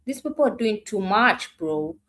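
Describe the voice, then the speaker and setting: A woman's voice: mid-range voice, lively intonation, moderate pace, fairly bright tone. A woman hosting a reaction video, talking in a sarcastic, exasperated way straight to her viewers. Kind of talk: casual reaction commentary.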